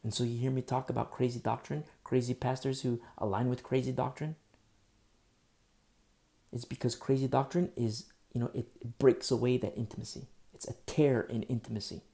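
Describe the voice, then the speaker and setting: A man preaching a sermon as pastor, emphatic and repetitive, swinging between loud bursts and hushed asides. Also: mid-range voice, fairly even intonation, moderate pace, creaky. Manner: repetitive, with frequent fillers.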